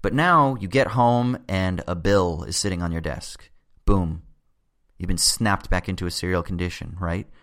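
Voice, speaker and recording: A man's voice: sits low, moderate pace, a bit bright. A man explaining philosophy in a casual podcast chat, swearing freely and checking in with "right?".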